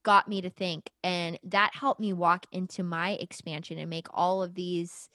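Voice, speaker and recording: A woman's voice: lowish voice, little pitch movement, unhurried, pushed and bright, dry recording. A young woman hosting a podcast, speaking earnestly and searchingly about spirituality. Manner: earnest, searching, many "like" fillers. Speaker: podcast host. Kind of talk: reflective spiritual conversation.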